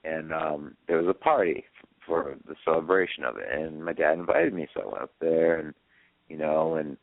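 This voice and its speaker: A man's voice: extremely low pitch, fairly even intonation, normal speed, gravelly, dry recording. A man chatting on a radio show, telling long rambling stories full of fillers and restarts. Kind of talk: casual chat on a call-in radio show. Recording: dry phone-line audio.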